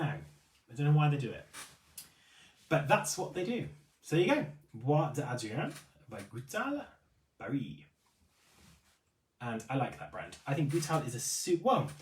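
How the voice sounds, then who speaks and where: A chatty man hosting a live stream, his pitch swinging up and down as he reads out viewer comments. He sounds set back from the mic in a roomy, echoing space. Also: recorded from a distance. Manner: chatty, apologetic and animated. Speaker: livestream host for a beauty retailer.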